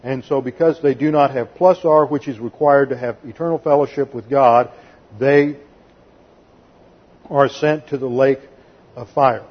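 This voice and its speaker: Husky-voiced man teaching a Bible sermon. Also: mid-range voice, steady tone, unhurried, long pauses, highs cut off. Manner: methodical, explains Greek grammar, occasional sarcastic voicing of quotes. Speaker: pastor.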